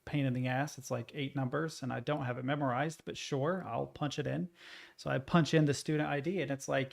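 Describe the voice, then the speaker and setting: A young man streaming live, chatting casually and ranting with plenty of swearing and animated retellings. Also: mid-range voice, a little fast, gravelly.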